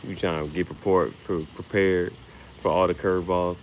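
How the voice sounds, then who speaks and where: A man's voice: sits low, steady tone, normal speed, slight background noise. A man vlogging in a casual comedic monologue, laughing often and swearing in slangy storytelling.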